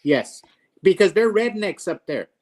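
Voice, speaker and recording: High-voiced teasing man. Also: lively intonation, a little slow, darkish tone. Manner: teasing, prodding others to do impressions. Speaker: participant in group chat. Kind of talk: casual chat.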